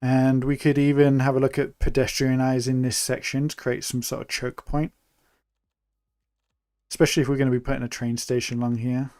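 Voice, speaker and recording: Gravelly, chatty English male streamer. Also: medium pitch, fairly quick, dry recording, studio quality. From England. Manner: relaxed, chatty, thinking aloud while building. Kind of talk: live gameplay commentary.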